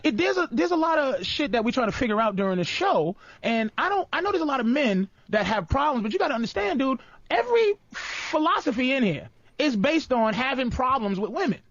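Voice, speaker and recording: A man's voice: very high voice, very animated, a little fast, fairly bright tone, no echo. A man hosting a radio show, telling stories loosely and profanely with lots of laughter. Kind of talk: casual radio talk. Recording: dull, dry lo-fi archive radio recording.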